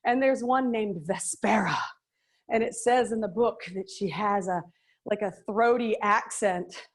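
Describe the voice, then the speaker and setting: A woman's voice: mid-range voice, a little slow. A middle-aged woman instructing a live workout class, upbeat and joking, counting out reps and slightly out of breath. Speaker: fitness and yoga instructor.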